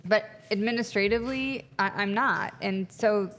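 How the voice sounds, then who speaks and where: A woman guest in a conversational interview, telling stories in an animated way with lots of fillers. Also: mid-range voice, normal speed. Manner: animated storyteller, many fillers. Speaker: podcast guest, retreat facilitator. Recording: long reverb, echoey room.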